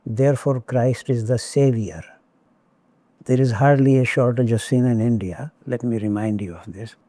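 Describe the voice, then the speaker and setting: A man giving a lecture on spiritual traditions, speaking in a measured, deliberate way with occasional wry asides. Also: medium pitch, dark tone, dry recording.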